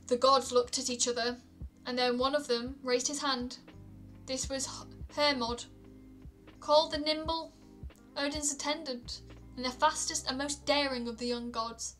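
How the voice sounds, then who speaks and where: A woman reading myths aloud on a stream, calm, with small stumbles and restarts. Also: sits high, a little slow, soft background music. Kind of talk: storytelling read-aloud.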